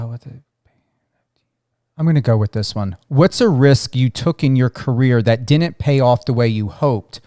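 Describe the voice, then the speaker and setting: Male host, clear smooth voice, dry close sound, easygoing interviewer asking prepared questions. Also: medium pitch, dark tone, no echo.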